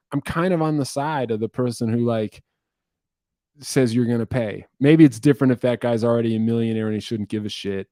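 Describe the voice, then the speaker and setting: This music YouTuber has a mid-range, warm voice as he casually works through viewer questions at his computer indoors. He interrupts himself, keeps a wry tone, and lets out the occasional cough. The computer webcam setup gives a dry, studio-quality recording.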